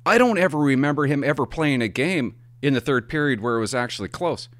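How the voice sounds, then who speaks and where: A middle-aged man tells a casual, rambling story, his pitch leaping up and dropping low as he gets carried along. He swears for emphasis and backtracks as he talks. The sound is dry and close, with no room echo. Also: animated, a little fast. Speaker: hockey parent.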